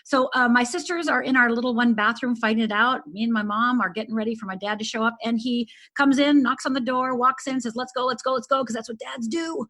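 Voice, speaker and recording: A middle-aged woman from Upper Michigan, a life coach guest, telling a painful personal story earnestly and dropping to a hush at the hardest moments. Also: on the high side, fairly quick, hardly any pauses. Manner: earnest, intense, often drops to a hush.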